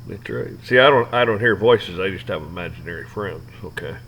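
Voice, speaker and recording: A gravelly-voiced man ranting off the cuff. He rambles, curses freely, and keeps restarting his sentences. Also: deep voice, fairly quick, a bit bright, slight background noise, low-quality recording. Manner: rambling, profane, many restarts and fillers. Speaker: vlogger ranting to camera. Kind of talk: off-the-cuff rant.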